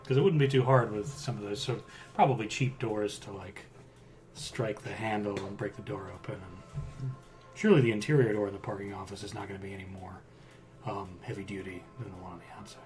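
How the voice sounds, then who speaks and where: A man playing a tabletop game, casually joking and planning his character's moves out loud. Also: on the low side, fairly even intonation, a little fast, faint music behind. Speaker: player.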